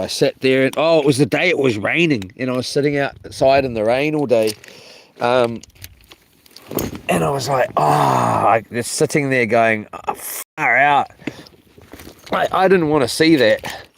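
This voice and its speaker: A man's voice: mid-range voice, slight background noise. A man chatting loosely to his live viewers on a solo camping trip, wandering off topic and mildly cursing as he greets people from the chat. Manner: meandering, loses his thread, mild cursing. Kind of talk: casual rambling live chat.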